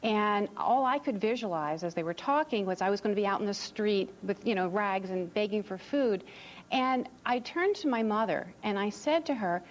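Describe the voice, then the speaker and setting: A woman's voice: medium pitch, normal speed, slight background noise. A woman child psychologist answering as a TV interview guest, earnest and reassuring, often repeating words as she starts a sentence. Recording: dull lo-fi TV audio.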